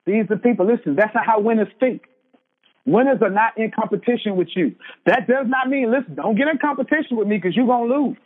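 Man, 30s, motivational speaker: high voice, preachy repetition, thin phone-like audio in a long-echo hall. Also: animated, fast talker. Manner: preachy, emphatic, repeats lines for effect. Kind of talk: motivational speech. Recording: tinny phone-like sound with long hall reverb.

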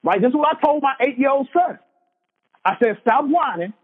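A man's voice: very high voice, animated, fairly quick. A man in his thirties giving an emphatic motivational speech, hammering points home by repeating them. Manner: preachy, emphatic, repeats lines for effect. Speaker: motivational speaker. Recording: tinny phone-like sound with long hall reverb.

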